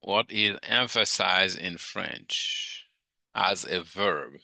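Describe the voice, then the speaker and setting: A man's voice: deep voice, drawn-out words, vocal fry, bright, forceful tone, no room sound. A male teacher giving a classroom lecture, drilling students on vocabulary with repeated questions.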